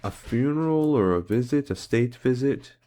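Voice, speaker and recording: A man's voice: mid-range voice, lively intonation, moderate pace, warm tone. A man hosting a guessing-game series, thinking aloud as he plays, hesitant, full of "um"s and self-corrections. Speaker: host playing geography and history guessing games. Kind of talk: casual commentary while playing.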